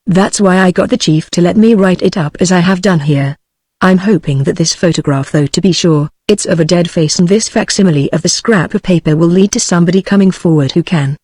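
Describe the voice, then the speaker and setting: A man's voice: sits high, brisk, dry recording, studio quality. A text-to-speech voice with a British English accent reading the lines of a skeptical young man in an audiobook. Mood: earnest. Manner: even, plain text-to-speech delivery.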